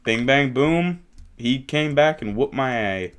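A young man with a cold hosting a casual gameplay commentary, chatty and excitable, rambling as he goes. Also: medium pitch, takes it slowly, clean tone. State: has a cold, sniffling. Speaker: gaming channel host. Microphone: desktop mic with face cam.

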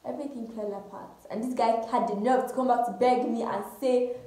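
A woman's voice: on the high side, steady tone, a little fast, mellow. A woman telling a personal story to her viewers in a chatty way, repeating words and calling them girls. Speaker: vlogger. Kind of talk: casual storytime monologue. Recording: very echoey room.

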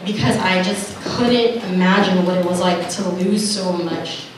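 A young woman at a camp gives a heartfelt personal testimony from a stage, her voice fairly low, unhurried, and fairly even in intonation. She tells her story earnestly, with laughter and acted-out dialogue. The recording catches her from far off in an echoey hall, and it's noisy.

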